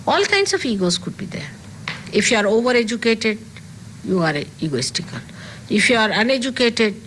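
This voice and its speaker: A woman's voice: medium pitch, a bit bright, a little hiss or hum, rough recording. An older woman speaking as a spiritual teacher, giving an emphatic talk to an audience and repeating key phrases.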